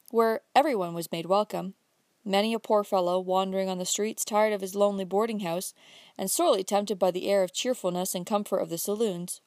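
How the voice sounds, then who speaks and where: A woman narrating a novel in a measured, even reading voice. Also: mid-range voice, no echo, clean studio sound. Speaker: audiobook reader. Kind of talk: scripted narration.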